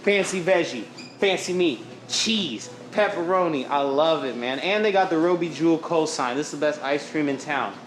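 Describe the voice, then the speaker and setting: In a lounge bar, an Oregon rapper on as a guest keeps the chat casual and lively, full of slang and frequent laughter. His voice is on the high side, at a moderate pace.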